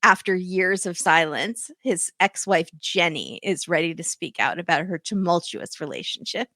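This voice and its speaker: A woman guest on a reality-show chat podcast, with a bright, sharp-edged voice at middle pitch. She jokes quickly and laughs in the middle of sentences. The sound is close and dry. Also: dry recording.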